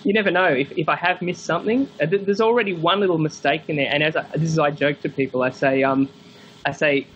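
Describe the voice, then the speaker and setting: A man, a podcast guest and book author, telling stories in a casual interview, animated and acting out quoted voices with frequent laughs. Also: a little high, fast. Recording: dull lo-fi call audio with faint hiss.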